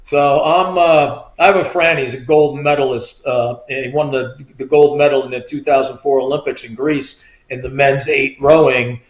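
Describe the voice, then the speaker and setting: A man's voice: medium pitch, fairly even intonation, normal speed, hardly any pauses. A middle-aged man, a former state trooper, telling a story as a podcast guest in a rambling way, full of fillers, acting out the voices of the people he quotes. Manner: rambling, full of "you know" and "I mean", acts out quoted voices. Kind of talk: casual storytelling. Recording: echoey room.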